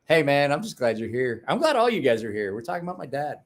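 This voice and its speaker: A man's voice: mid-range voice, very animated, fast talker. A tired man in his forties from Ohio, hosting a late-night livestream and telling rambling, profane stories with acted-out quotes. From Ohio, USA. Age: 40s. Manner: rambling, profane, folksy storyteller who acts out quotes. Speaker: livestream host. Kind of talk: casual late-night livestream chat and storytelling.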